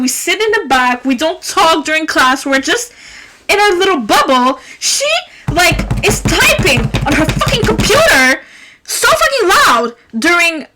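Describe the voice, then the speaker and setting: A young woman hosting a podcast, yelling through a fast, profane rant about her day. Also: very high voice, very noisy. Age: young adult. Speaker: podcast host. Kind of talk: ranting casual podcast monologue.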